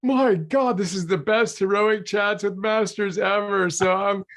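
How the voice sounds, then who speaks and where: A man's voice: sits high, fairly even intonation, unhurried, a bit bright. A man hosting an interview, speaking with effusive enthusiasm. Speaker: host. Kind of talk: casual interview talk.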